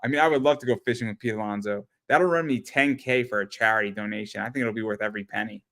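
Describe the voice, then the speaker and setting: A man hosts a casual talk show podcast, speaking fast in a fairly low, slightly bright voice. He rambles, swears, and keeps repeating his words in this loose chat.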